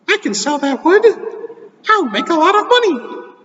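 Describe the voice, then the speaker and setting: A man voicing a brave cartoon mouse woodcutter in a very high, squeaky voice. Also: very animated, moderate pace, fairly bright tone, a little hiss or hum, heavily acted. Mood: eager. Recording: echoey hall, dull lo-fi sound.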